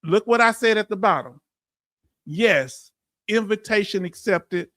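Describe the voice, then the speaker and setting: A man with a Texan accent hosting a live stream, emphatic and animated, reading out chat comments and laughing often. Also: high voice, measured pace, dry recording, clean studio sound. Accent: Texan English. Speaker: veteran live-stream host.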